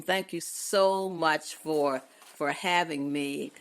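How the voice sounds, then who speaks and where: A woman's voice: low voice, slow pace. A woman in her eighties, a guest on a podcast, chatting casually with frequent laughs and churchy turns of phrase. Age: 80s. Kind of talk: casual chat.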